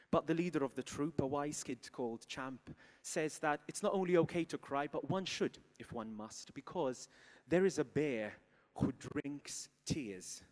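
A man, a composer presenting his musical in an earnest, enthusiastic showcase pitch. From Malta.

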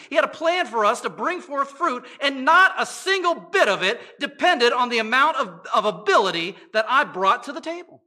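A man's voice: very high voice, sharp tone. A male pastor preaching a sermon in a church, talking to the congregation in a conversational way with rhetorical questions and playful asides.

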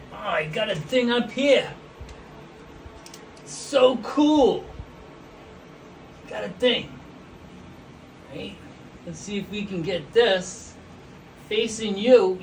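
A man's voice: high voice, distant mic, slight background noise, low-quality recording. A man hosting a casual painting vlog, rambling goofily and talking straight to his viewers. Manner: goofy, rambling, talks to viewers. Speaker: host painting pots. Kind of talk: casual chat while painting. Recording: voice from away from the mic.

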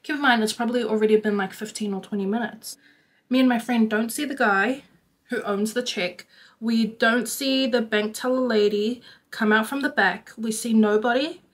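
A young woman with a slightly high voice tells a story to her vlog viewers. She talks casually and animatedly, with "like" peppered all through her sentences. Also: moderate pace. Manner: chatty, animated, lots of "like". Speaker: vlogger.

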